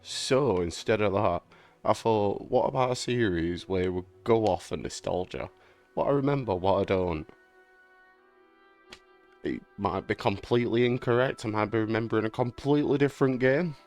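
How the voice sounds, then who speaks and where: A man's voice: lowish voice, normal speed, a little mellow, faint music behind. A young man in a casual, rambling gaming chat, swearing freely and laughing often. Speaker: gaming vlogger.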